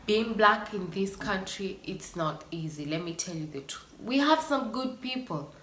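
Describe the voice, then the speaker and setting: A woman's voice: mid-range voice, animated, moderate pace, fairly bright tone, a little hiss or hum. A woman vlogger talking earnestly and emotionally to her viewers, sighing now and then. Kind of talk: personal vlog monologue. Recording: echoey room.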